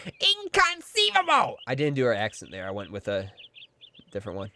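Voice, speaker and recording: A man's voice: fairly low pitch, fast talker. A man streaming a game live, chatting playfully with his viewers and slipping into silly voices. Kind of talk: casual live-stream chat with gameplay.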